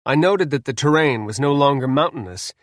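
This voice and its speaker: A man reads a wartime memoir in a measured, deliberate voice at a middle pitch. The recording is close and dry, with no room sound at all. Each sentence is laid out steadily. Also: lively intonation, no room sound. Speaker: narrator. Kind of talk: scripted narration.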